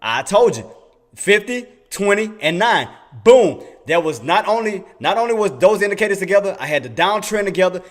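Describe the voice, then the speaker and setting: A man with a high, brisk voice streams his day trading live, offering excitable, chatty commentary, laughing with the chat and muttering as he looks over his screen.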